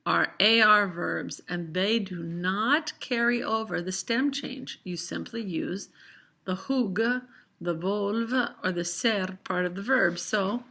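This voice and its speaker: A woman teaching a recorded lesson over slides, explaining patiently and slowing down for examples. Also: mid-range voice, gravelly, sharp tone. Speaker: Spanish teacher.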